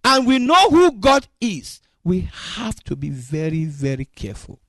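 A man preaching a sermon, acting out dialogue with God in an expressive way. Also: high-pitched, a little slow, no echo.

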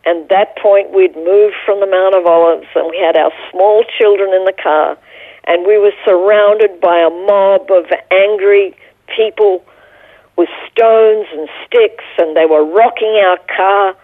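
A woman's voice: medium pitch, fairly even intonation, measured pace, dry recording. A middle-aged woman, a guest, earnestly telling a personal story in an interview. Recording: tinny phone line.

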